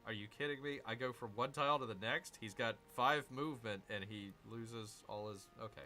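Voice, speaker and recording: A man's voice: mid-range voice, a little fast, pushed and bright, a little hiss or hum. A man streaming a strategy game, talking through his moves, reading out chat messages and grumbling in exasperation at the game's flaws. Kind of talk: gameplay commentary with chat reading.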